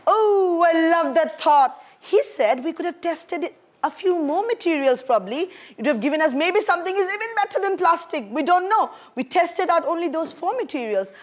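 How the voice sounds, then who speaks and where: A woman's voice: extremely high pitch, expressive, normal speed, hardly any pauses. A woman teaching a primary school science class, encouraging her pupils and calling them darling as she leads a clean-up and a discussion.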